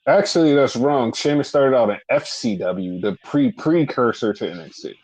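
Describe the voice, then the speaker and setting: A man's voice: mid-range voice, animated, normal speed, a little mellow, low-quality recording. Casual, swearing man recapping wrestling. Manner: loose, profane storytelling with lots of fillers. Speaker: wrestling podcast co-host.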